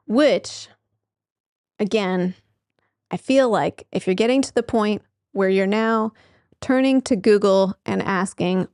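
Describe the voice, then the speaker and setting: A woman's voice: mid-range voice, measured pace, a little mellow, no echo, studio quality. A woman therapist in her thirties talking casually to camera, chatty with frequent laughs and fillers. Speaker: therapist and show host. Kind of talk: casual explanatory talk to camera.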